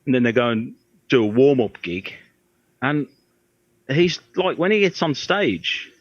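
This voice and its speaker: Middle-aged guest, guitar tech, rambling anecdotes, slips into quoted voices; dry, muffled audio. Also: male voice, medium pitch, sing-song, measured pace, no room sound. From Birmingham, England. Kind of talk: casual storytelling interview. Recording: dry, slightly dull audio.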